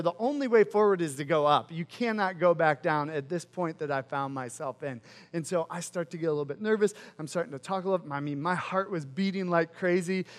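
High-voiced pastor telling a story in an echoey hall. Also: male voice. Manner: casual, self-mocking storytelling with many fillers. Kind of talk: sermon with personal story.

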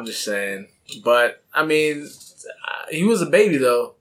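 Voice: medium pitch, big pitch swings, takes it slowly, a crowd in the background. A podcast co-host in loose casual chat, profane and slangy, laughing and reacting.

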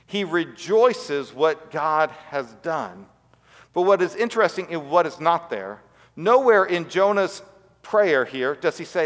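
A man preaching a sermon as pastor, telling stories earnestly and dropping to quiet emphasis. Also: a little high, lively intonation, takes it slowly, big-room sound.

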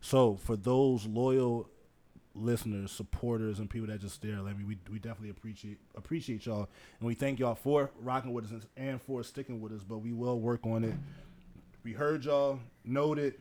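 Man, podcast host, casual banter, loud and profane, mid-range voice. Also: medium pitch, fairly even intonation, normal speed. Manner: loud, hyped, swearing freely.

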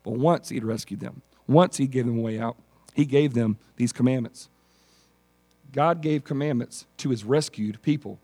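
A man preaching a sermon and telling stories in an animated way, acting out the characters. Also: medium pitch, moderate pace, husky. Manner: animated storytelling, acts out characters. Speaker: pastor.

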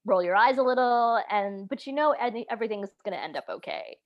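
A woman's voice: on the high side, fairly quick, highs cut off. A woman, a writer, chatting casually about films, talking in restarts and trailing asides with frequent laughs. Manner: chatty, animated, laughs often, trails off mid-sentence. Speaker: podcast guest, writer.

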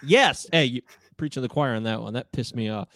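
A man from the American Midwest, co-hosting a casual sports chat, chatty and animated and quick to laugh. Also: mid-range voice. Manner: chatty and animated, laughs often, leads the questions. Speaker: podcast co-host.

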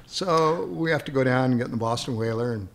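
Gravelly man telling rambling stories. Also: medium pitch, rapid-fire, a little hiss or hum. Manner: rambling, chuckling as he recalls stories. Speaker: interview guest. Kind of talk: anecdotal storytelling.

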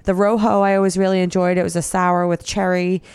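A woman's voice: lowish voice, little pitch movement, a little fast, darkish tone, clean tone, dry recording. A woman co-hosting a local radio show at a studio mic, chatting casually with easy laughs. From New England. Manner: chatty, easily laughing, some fillers. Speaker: radio co-host. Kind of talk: casual radio chat and promo read.

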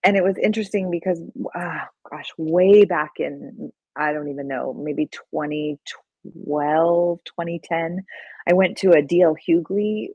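A woman with a slightly low voice tells an animated story as an interview guest, often acting out other people's lines. The sound is dry and close, with no room around it. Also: a little slow, husky, no room sound, muffled recording. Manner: excitable, acts out quoted dialogue. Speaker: guest filmmaker.

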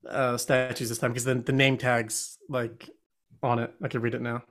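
A man playing a tabletop game over a voice call, excitable and quick to laugh. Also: medium pitch. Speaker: player. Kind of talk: casual tabletop play.

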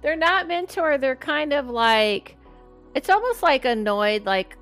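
A woman's voice: sits high, a little slow, faint music behind. A middle-aged woman hosting a podcast, chatting casually and animatedly, acting out the voices in her stories. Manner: animated storyteller who acts out quoted voices. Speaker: podcast host and medium.

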